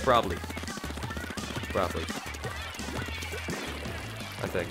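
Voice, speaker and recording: A man streaming a game and commentating live, with a bright, forceful tone and a pitch that swings all over the place. He is jokey and excitable, breaking into loud yelps and then dropping to low mumbles. Game music plays faintly behind him. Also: normal speed. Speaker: gaming streamer.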